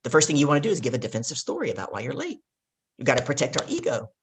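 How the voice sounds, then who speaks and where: A woman's voice: very deep voice, wildly swooping pitch, very fast, slight background noise. A woman guest and life coach telling a coaching story with energy, hammering home her key points. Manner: emphatic, repeats key points.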